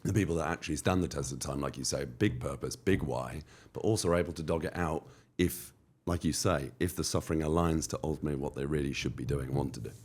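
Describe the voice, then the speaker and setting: Very deep-voiced British man, motivational. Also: fast, few pauses, a little mellow, slightly rough. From United Kingdom. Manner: emphatic, motivational, repeats phrases. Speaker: guest entrepreneur. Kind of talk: podcast interview.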